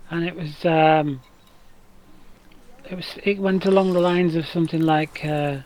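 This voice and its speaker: A man with a rough, damaged voice and a fairly high pitch chats casually as a streamer while gaming. He rambles through long stories, restarting sentences as he goes. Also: fairly even intonation, measured pace, darkish tone, poor audio. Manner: rambling, chatty storyteller with many restarts.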